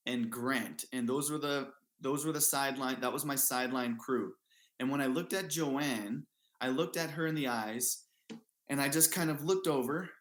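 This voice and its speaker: Male guest, earnest storyteller, average pitch, roomy echo on the voice. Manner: earnest, repeats himself, lots of fillers. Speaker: guest athlete. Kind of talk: casual storytelling.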